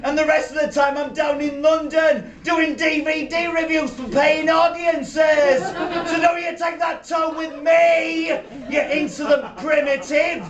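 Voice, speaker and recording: A man in his thirties playing a nerdy, petulant male sci-fi fan with a Yorkshire accent, shouting and stammering his way through live character stand-up. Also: fairly even intonation, unhurried, hardly any pauses, recorded from a distance, muffled recording, a crowd in the background. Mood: ranting. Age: 30s. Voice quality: high, shouty, stammering and indignant. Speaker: comedy character performer. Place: small theatre stage with a live audience. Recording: roomy live venue from afar, audience.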